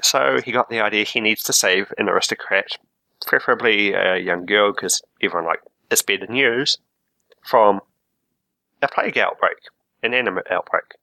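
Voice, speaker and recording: Brief: man, tabletop game player, lowish voice with bright tone, dry close sound, relaxed. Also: gravelly, no room sound, low-quality recording. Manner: relaxed, explains backstory at length. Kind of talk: casual tabletop game talk.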